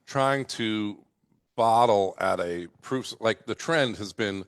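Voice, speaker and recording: A man, a distiller guest on a radio show, explaining in a measured, hesitant way. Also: fairly low pitch, creaky, clear, resonant tone, dry recording, clean studio sound. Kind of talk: casual radio chat.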